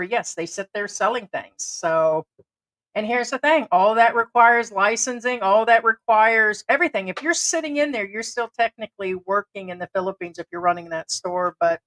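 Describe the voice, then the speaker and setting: A woman's voice: medium pitch, a bit bright, rough recording. Chatty woman, livestream co-host, mid-range voice, tells stories by acting out what everyone said. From United States. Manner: chatty storyteller, acts out quoted dialogue. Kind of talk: casual livestream chat.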